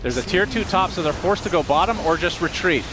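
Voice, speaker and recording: A man casting an esports match, calling the action in rapid play-by-play. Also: sits high, over music. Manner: rapid excited play-by-play calls. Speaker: esports caster. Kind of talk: play-by-play commentary.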